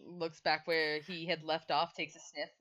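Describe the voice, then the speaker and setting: A woman's voice: low voice, level tone, measured pace, a bit bright. A woman narrating a tabletop game as game master, in a casual, laughing way.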